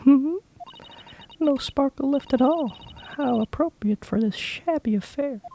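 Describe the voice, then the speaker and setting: A woman's voice: high-pitched, measured pace, dark tone, slight background noise, pitched above the performer's own voice, poor audio. A woman voicing a sneering haughty English noblewoman. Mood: scornful. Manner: sneering, condescending. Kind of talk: fan voice-over of a video game.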